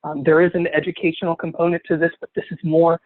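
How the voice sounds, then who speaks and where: A man, a spiritual teacher, presenting a live online training in an earnest, gently flowing way over a video call. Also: on the high side, completely flat delivery, fast, no echo. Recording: tinny phone-like audio, dry.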